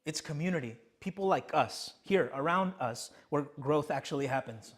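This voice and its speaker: A man's voice: on the high side, expressive, moderate pace. A young man preaching a sermon as pastor of his church, emphatic and full of rhetorical questions. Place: church sanctuary.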